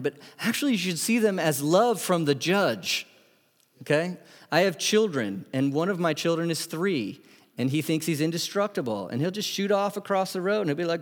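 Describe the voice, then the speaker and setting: Pastor in his thirties, slightly high voice, chatty and animated sermon, echoey hall sound. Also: moderate pace. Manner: conversational, animated preaching with asides and acted-out quotes.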